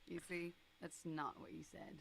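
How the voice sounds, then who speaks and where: A taunting male inner voice from a video game , growled by a woman, very low and heavily gravelly. It drags its words out slowly over a faint hiss of background noise. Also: flat delivery. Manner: taunting, teasing.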